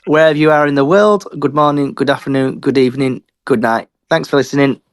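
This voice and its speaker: Teasing podcast host, dry sound. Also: male voice, medium pitch, steady tone, fast talker, no echo. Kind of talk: casual chat and sign-off.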